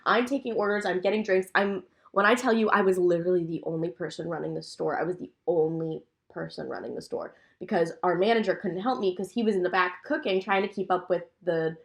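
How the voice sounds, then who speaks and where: A young woman co-hosting a casual podcast, telling a work story in animated detail and swearing freely. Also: on the low side, a little fast, gravelly, hardly any pauses. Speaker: podcast co-host. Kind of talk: casual chat.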